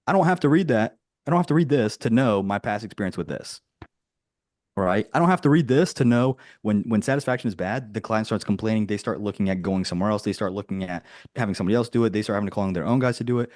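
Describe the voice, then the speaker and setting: A man coaching on a group call, talking in a direct, dry-humored, flat way and often trailing off with "right?". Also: fairly low pitch, fast talker, no room sound. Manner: rambling, with many restarts and "right?" tags. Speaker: business coach. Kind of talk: casual teaching on a group call.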